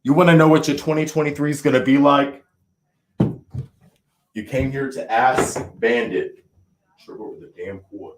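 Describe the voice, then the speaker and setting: A man reading tarot on a casual livestream, talking loudly and swinging from mumbles to shouts, at a party indoors. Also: mid-range voice, measured pace, long pauses. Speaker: tarot reader hosting a livestream. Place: indoors at a New Year's party. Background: faint party music.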